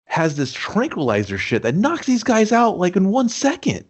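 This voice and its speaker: A man's voice: on the low side, expressive, moderate pace. A man co-hosting a casual movie review podcast, joking and swearing as he retells scenes in mock quotes. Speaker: podcast co-host.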